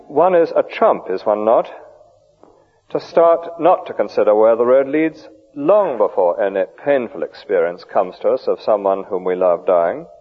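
A man preaching a sermon, rhetorical with vivid emphasis and dry humour. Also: on the low side. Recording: tinny, phone-like old radio broadcast.

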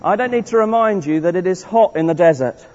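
A man's voice: high-pitched, fast talker, a little mellow. Guy leading a playful church story session, muffled dull sound, echoey church. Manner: playful, encouraging, restarts often. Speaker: church leader running an interactive all-age service. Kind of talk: interactive storytelling with a congregation. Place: large church hall.

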